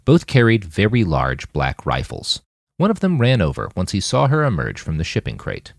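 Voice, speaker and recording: A man narrating an audiobook chapter in a scripted, expressive reading on a close mic. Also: low-pitched, moderate pace, gravelly, dry recording. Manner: expressive, wide-ranging reading.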